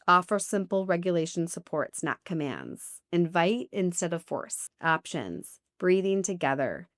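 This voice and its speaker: Low-voiced woman therapist, measured and steady. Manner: measured, steady, lists points. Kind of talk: calm explanatory advice.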